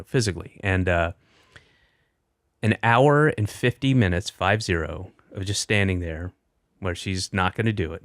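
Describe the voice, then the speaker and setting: A man's voice: low-pitched, dry recording, clean studio sound. A middle-aged man, a comedian, chatting casually and telling a rambling story with offhand swearing. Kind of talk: casual chat.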